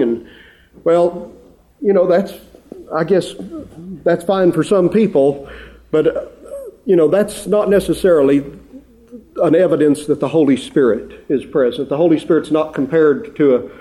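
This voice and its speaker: A man's voice: on the high side, normal speed, dark tone. A middle-aged man preaching a sermon, earnest and rising to fervent appeals to his congregation.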